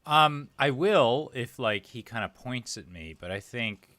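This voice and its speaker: A man playing a tabletop game, quiet and deadpan. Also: mid-range voice, unhurried, no echo. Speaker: player.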